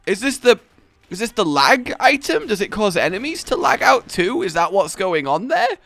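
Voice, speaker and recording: Young man, lively let's play commentary, bright voice, dry close sound, exasperated rambling. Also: high voice, moderate pace, gravelly, no echo. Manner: animated, exasperated rambling with outbursts. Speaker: gaming YouTuber.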